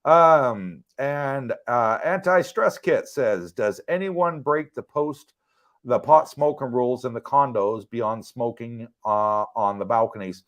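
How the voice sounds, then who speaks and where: An American man at a middling pitch, co-hosting a relaxed livestream chat. He talks in an easygoing, conversational way, laughing lightly as he answers questions from viewers. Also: takes it slowly. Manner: relaxed, chatty, easy laughs. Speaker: livestream co-host. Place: condo in Thailand.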